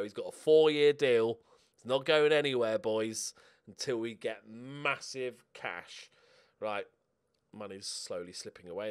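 A man giving casual, excitable commentary while he plays a football management game at home, swearing and cheering at the match. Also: medium pitch, clear, resonant tone. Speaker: gaming YouTuber. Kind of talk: casual let's-play commentary.

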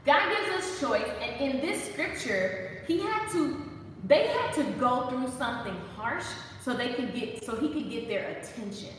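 A woman giving a casual, animated devotional talk, playful and preachy and full of laughs. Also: sits high, normal speed, heavy reverb, big-room sound, recorded from a distance, a little hiss or hum, low-quality recording. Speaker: faith talk host.

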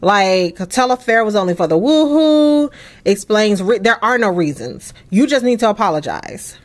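A woman hosting a casual let's play, chatty and expressive, cursing and laughing at the game's drama. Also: mid-range voice, moderate pace. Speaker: gaming channel host.

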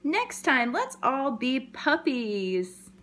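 A good-natured, clumsy young puppy from a picture book speaks in slow, drawn-out words, as a woman reading aloud puts him on. The voice stays close to her own and sounds friendly and easygoing. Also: sits high, sing-song, a bit bright, voice pushed up, heavily acted. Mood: playful.

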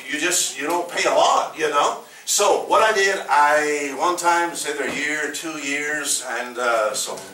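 A man's voice: a little high, bright, forceful tone, slight background noise. An older man with a Southern US accent preaching a sermon, telling stories in a rambling, folksy way with many fillers. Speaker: pastor. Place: church. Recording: echoey room from a distance.

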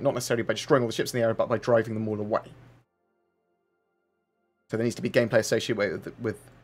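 This man has a lowish, husky voice. Hosting a casual livestream, he reads out questions from viewers and wanders through his answers with lots of fillers.

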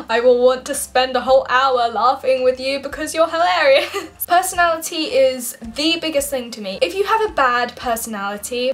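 A woman's voice: high-pitched, a bit bright. A young woman from England vlogging casually to camera, bubbly and giggly, laughing often between points.

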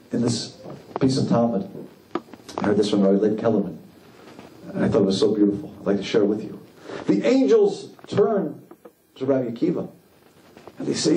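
A man giving a sermon as a rabbi, delivering it with impassioned emphasis and climbing pitch on key lines. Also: sing-song, brisk, long pauses, mellow, slight background noise. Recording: echoey room, mic at a distance, faint background.

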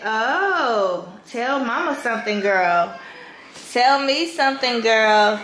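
Slow, cooing young mother, high voice. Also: animated, fairly bright tone, roomy sound, poor audio. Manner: cooing baby talk, slow and soothing. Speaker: mother feeding her baby. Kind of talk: home vlog, talking to a baby. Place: home kitchen with a TV on.

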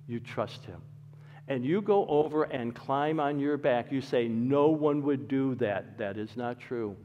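A man preaching a sermon, telling a story with lively swings between loud and soft. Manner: animated storytelling with wide swings in loudness and pitch. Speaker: pastor. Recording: long hall reverb.

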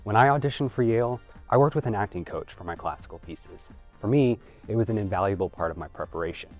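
A young man with a lowish voice narrates an acting lesson from a script. His delivery is clear and measured, with a light playful edge. Soft music plays faintly behind him. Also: expressive. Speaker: acting coach.

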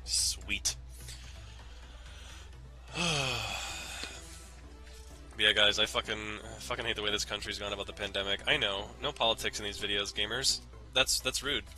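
A man's voice: on the low side, steady tone, quick pace, pushed and bright. A young man casually commenting on his gameplay in a rambling, jokey way, swearing often. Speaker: let's play host. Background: faint game music.

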